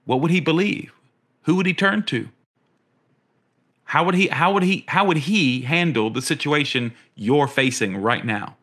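A middle-aged man preaching a sermon as a pastor, earnest, often repeating his words and rising in pitch when he asks questions. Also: measured pace, a bit bright.

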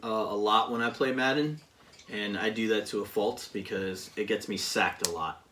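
A man chatting casually, rambling and pausing with many fillers as he recounts a season of a football video game. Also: lowish voice, pushed and bright, recorded from a distance, a little hiss or hum. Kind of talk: casual chat.

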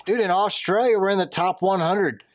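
A man co-hosting a racing podcast, playful and quick to laugh in casual chat. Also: high-pitched. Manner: playful, laughs at his own jokes. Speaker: podcast co-host.

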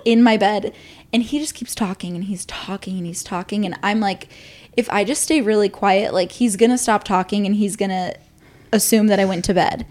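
A woman's voice: medium pitch, moderate pace, a little mellow. A young woman co-hosting a podcast, telling a story casually, swearing freely and acting out what people said. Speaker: podcast co-host.

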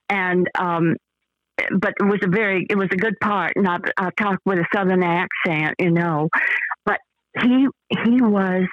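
A woman's voice: fairly low pitch, no echo. Effusive older woman on a dull call line. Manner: rambling, effusive, halting with many fillers. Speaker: actress guest. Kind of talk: casual interview chat.

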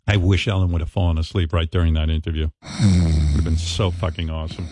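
A man's voice: sits low, fairly even intonation, normal speed, noisy background. A man hosting a talk show, chatting casually and mockingly, rambling and laughing often. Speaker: radio host. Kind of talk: casual banter.

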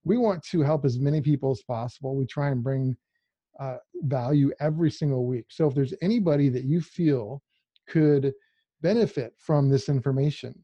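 A man's voice: medium pitch, moderate pace, warm tone, no echo, highs cut off. A man co-hosting a podcast, talking in a direct, emphatic, casual way. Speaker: podcast co-host.

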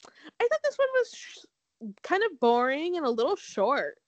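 A young woman from Southern California co-hosting a podcast, recapping a show in quick, animated casual chat and swearing freely. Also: high voice, no echo, highs cut off. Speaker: podcast co-host.

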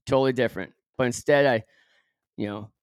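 A man's voice: medium pitch, fairly quick, clean tone, no room sound, clean studio sound. A middle-aged man from Southern California, a podcast guest telling a story with many fillers and acted-out quotes. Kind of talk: storytelling in an interview.

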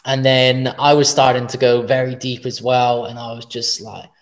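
A man's voice: medium pitch, flat delivery, moderate pace. A man, a podcast guest telling a personal story in a casual, rambling way, swearing often and correcting himself mid-sentence.

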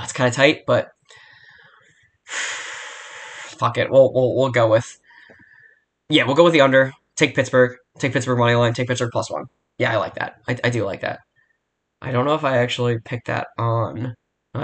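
A man's voice: mid-range voice, steady tone, normal speed, pauses often, fairly bright tone. Young male solo podcaster, blunt and profane, rambling home recording. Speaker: podcast host. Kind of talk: casual solo sports betting podcast. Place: home room near a barking dog.

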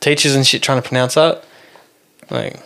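A man's voice: medium pitch, flat delivery, normal speed, sharp tone. A man co-hosting a podcast, chatting casually and rambling through his points with fillers. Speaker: podcast co-host. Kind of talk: casual chat.

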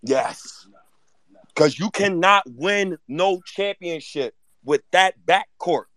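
A man hosting a fan chat room, loud and teasing as he trash-talks a rival fan. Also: high voice, expressive, slow pace, no room sound. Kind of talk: heated casual fan banter.

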